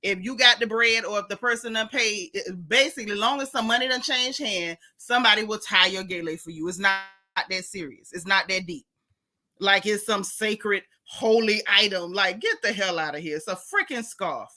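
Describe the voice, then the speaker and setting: A woman's voice: mid-range voice, moderate pace, pushed and bright. A woman from Florida with a Florida accent, hosting a live-stream and reading out chat comments in a sassy, blunt way, repeating her punchlines.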